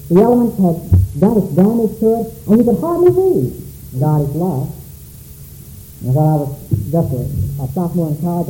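A man's voice: high-pitched, mellow, reverberant, low-quality recording. A man preaching a sermon in a church, calling out questions dramatically to the congregation. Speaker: pastor.

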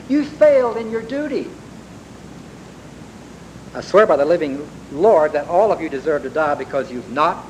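A man's voice: on the high side, poor audio. A man voicing a bold, devout young warrior in his own earnest preaching voice. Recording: faint background hiss.

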